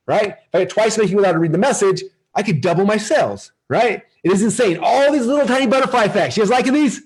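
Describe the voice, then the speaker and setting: Fast-talking energetic man presenting a webinar. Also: sits high, husky. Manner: energetic, salesy, asks the audience questions. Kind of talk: live marketing webinar.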